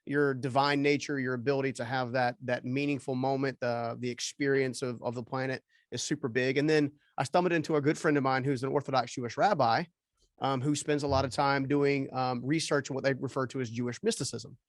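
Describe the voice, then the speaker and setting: A man's voice: medium pitch, steady tone, fairly quick, dry recording, studio quality. A man hosting an interview, talking in a searching, rambling way and checking in with "right?". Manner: searching, repeats words and restarts, ends points with "right?". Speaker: podcast host. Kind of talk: casual interview chat.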